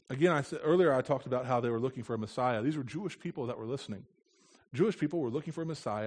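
An earnest man preaching to a church congregation, with a voice of ordinary, middle-range pitch. He talks to the room in a plain, conversational way and slips in bits of gentle humor. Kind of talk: conversational sermon.

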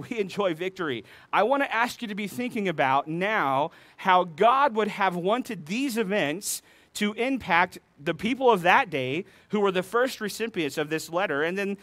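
A man's voice: high-pitched, a bit bright, no echo. A man preaching a sermon, retelling a scripture story with playful voiced dialogue between readings. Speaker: pastor.

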